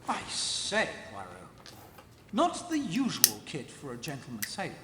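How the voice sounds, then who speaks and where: An actor playing a proper gentleman sidekick who talks in a clipped, proper way. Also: a little high, wildly swooping pitch, unhurried, heavily acted. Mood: curious.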